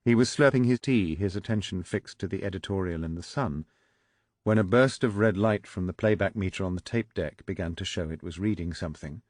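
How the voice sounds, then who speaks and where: A man narrating a political thriller audiobook in a measured, even storytelling manner. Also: deep voice, no echo, clean studio sound. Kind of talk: scripted narration.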